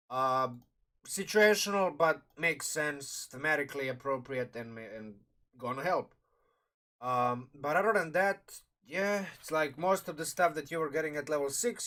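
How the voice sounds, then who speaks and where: A man with a slightly high voice talks through a game rulebook on a live stream, thinking aloud as he goes. He rambles and restarts his sentences, and he is eating while he talks, so his words come out through a mouthful of food. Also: a bit bright. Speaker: streamer reviewing a game sourcebook. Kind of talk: casual live-stream commentary.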